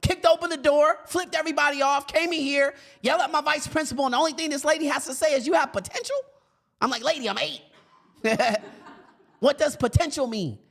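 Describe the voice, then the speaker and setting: A man in his thirties giving a storytelling talk to educators, acting out his younger self with a raised, lively voice. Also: very high-pitched, fairly quick. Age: 30s. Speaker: speaker for educators.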